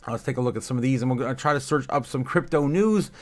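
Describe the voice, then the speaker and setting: A man hosts a casual livestream, working through news headlines and then chat messages. He rambles, fills gaps with "uh," and breaks into laughter often, in an ordinary mid-pitched voice. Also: quick pace, soft background music. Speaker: host of a crypto livestream.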